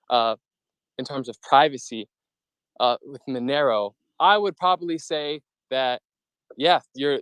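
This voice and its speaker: A man's voice: medium pitch, fairly bright tone, clean tone, no room sound, low-quality recording. A man speaking in a casual live audio chat, rambling with many fillers and restarts.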